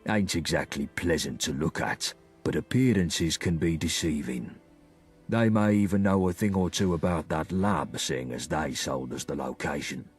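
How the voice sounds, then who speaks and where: An actor playing a sly male London gang leader who speaks in a husky, mocking drawl. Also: a bass voice, moderate pace, soft background music.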